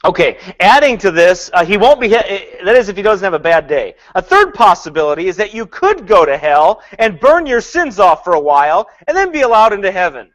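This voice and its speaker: A male preacher with a fairly high voice delivers a sermon. He swings from loud bursts to hushed asides and laughs often. He mocks what others say with put-on quotes. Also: very animated, a little fast, hardly any pauses.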